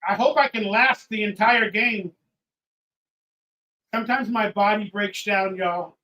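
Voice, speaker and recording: A tipsy man hosting a live watch-party stream, ranting and swearing, swinging from loud outbursts to low mutters. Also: a little slow, poor audio. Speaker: livestream host. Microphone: headphones with mic.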